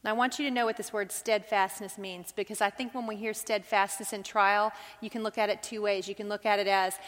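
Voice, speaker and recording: A woman's voice: medium pitch, little pitch movement, a little fast, hardly any pauses, fairly bright tone. An earnest woman leads a Bible study, putting questions to her group. Her voice sits in a middle register and rings out with the long reverb of a big hall.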